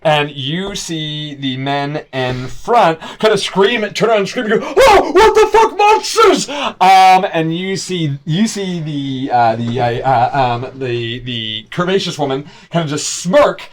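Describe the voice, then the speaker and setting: A man narrating as game master, halting and restarting often, with sudden shouted character lines. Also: on the high side, expressive, slight background noise.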